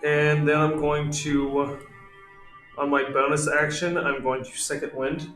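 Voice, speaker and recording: A man playing in a tabletop game, excitable, swearing and laughing freely. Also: on the high side, a little slow. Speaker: player. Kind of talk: casual tabletop play. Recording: roomy recording with faint music.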